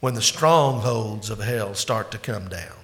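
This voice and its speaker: A man preaching a sermon as pastor, swinging between loud, emphatic climaxes and quieter, hushed asides. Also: fairly low pitch, a little slow.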